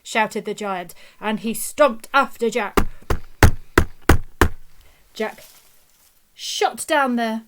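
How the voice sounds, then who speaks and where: A woman telling a children's story in an expressive, dramatic way. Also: a little high, extremely slow, long pauses, very noisy. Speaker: nursery teacher storyteller.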